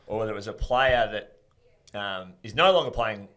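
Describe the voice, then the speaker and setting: An Australian man, a former pro footballer, telling animated stories with frequent laughter as a podcast guest. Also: fairly low pitch, fairly quick. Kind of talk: casual podcast storytelling.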